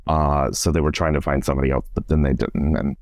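A man's voice: very deep voice, steady tone, fast talker, creaky, no echo, studio quality. A middle-aged man, a stage performer, chatting animatedly in an interview and retelling moments with acted-out quotes and lots of "like". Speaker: guest, stage performer and director. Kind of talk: casual podcast interview storytelling.

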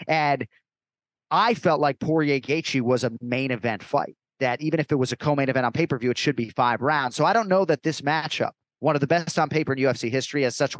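A man's voice: medium pitch, no echo. A man from Massachusetts, a sports play-by-play commentator, speaking as a guest in a casual interview in a fluent, emphatic way.

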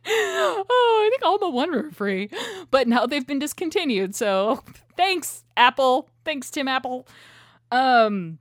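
A woman co-hosting a podcast in casual chat, animated and laughing often, often restarting her sentences as she talks into a shared microphone. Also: high voice, slow, dry recording, clean studio sound. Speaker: podcast co-host. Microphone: shared single microphone.

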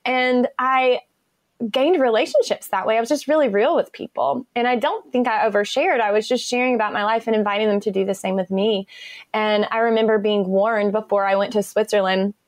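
A woman's voice: a little high, brisk, no echo, clean studio sound. An enthusiastic woman, chatting as an interview guest and laughing often. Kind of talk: conversational interview.

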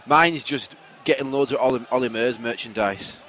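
A man co-hosting a football podcast, joking and shouting along with the match. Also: mid-range voice, moderate pace, slight background noise. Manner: jokey, animated, shouts during match action. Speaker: podcast co-host. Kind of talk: casual football podcast banter.

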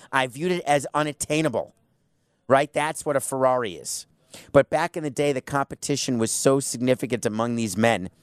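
A man's voice: medium pitch, clear, resonant tone, no echo, studio quality. A man hosting a talk radio show, speaking bluntly and sarcastically in an opinionated monologue. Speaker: sports radio host.

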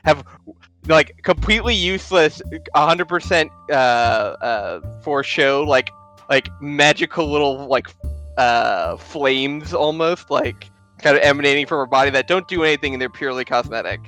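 A man's voice: on the high side, moderate pace, fairly bright tone, soft background music. A man playing a tabletop game, describing his character's actions in long rambling sentences. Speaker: player.

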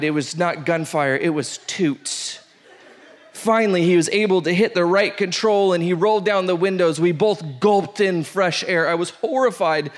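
A man hosting a show, reading a funny first-date story aloud with lively, laughing delivery. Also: sits high. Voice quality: animated, breaks into laughter, shouts out the quoted lines. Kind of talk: comic storytelling read aloud.

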